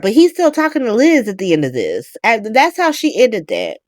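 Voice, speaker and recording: A woman's voice: a little high, normal speed, few pauses, no echo, studio quality. A woman hosting a podcast, recapping a soap opera in casual, profane, slangy chat. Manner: animated, profane, slangy, gossipy. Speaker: podcast host.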